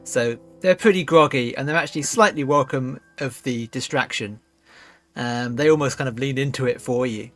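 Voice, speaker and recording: Brief: male game master, mid-pitched, halting delivery with faint music underneath. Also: a bit bright. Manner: hesitant, many fillers, checks the rulebook. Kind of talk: tabletop game narration and rules talk.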